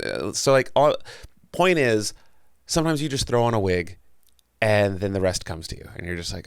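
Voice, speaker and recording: A man's voice: fairly low pitch, normal speed, clear, resonant tone, no room sound. A man chatting as a guest in an interview, rambling with many restarts and casual swearing. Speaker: guest, comedian and voice actor.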